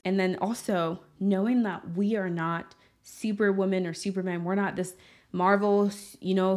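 A woman's voice: mid-range voice, a little mellow. A woman hosting a podcast, talking through a personal story in an earnest, candid way with lots of fillers. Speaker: podcast host. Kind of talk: personal reflective monologue.

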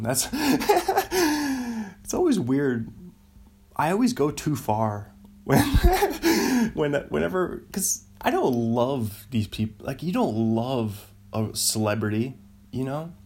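A man's voice: mid-range voice, darkish tone, a little hiss or hum. Dude rambling on his solo podcast, keeps cutting himself off, laughs at his own stuff. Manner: rambling, self-interrupting, laughs at own jokes. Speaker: podcast host.

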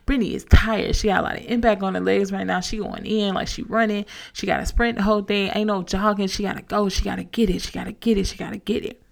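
A young woman hosting a podcast, telling a story in a chatty, animated way with casual slang. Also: mid-range voice, vocal fry. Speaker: podcast host. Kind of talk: casual motivational talk.

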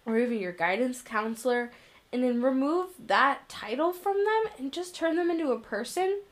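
A woman's voice: high voice, expressive, normal speed. A teenage girl in casual chat, telling school stories in an earnest way.

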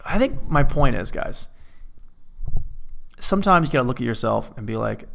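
A man's voice: medium pitch, lively intonation, normal speed, vocal fry, pauses often, a bit bright. A man alone in an empty apartment, talking through a rambling, profane comedic monologue full of restarts.

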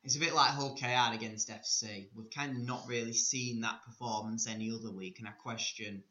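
A man's voice: medium pitch, steady tone, brisk, sharp tone. A man co-hosting a casual sports chat, talking with wry, teasing humour. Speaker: podcast co-host. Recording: echoey room, dull lo-fi sound.

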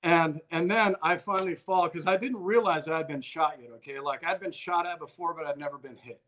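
A man with a slightly high voice tells a story in a relaxed conversation. He is blunt and swears freely. He often breaks into the voices of the people in the story. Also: a little fast. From Albuquerque, New Mexico. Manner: profane, blunt, acts out quoted exchanges.

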